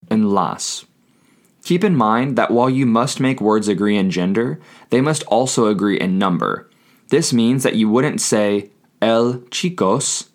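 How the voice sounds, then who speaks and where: A man with a fairly low voice teaches a scripted podcast lesson. He talks at a slow, careful pace, repeating words and spelling them out letter by letter. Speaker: language teacher.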